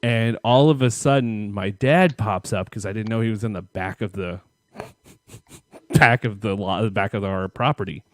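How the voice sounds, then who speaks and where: A man's voice: fairly low pitch, a little slow, dry recording, clean studio sound. A man co-hosting a podcast, telling a long, profane childhood story in a rambling way and laughing at himself. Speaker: podcast co-host. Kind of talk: casual storytelling chat.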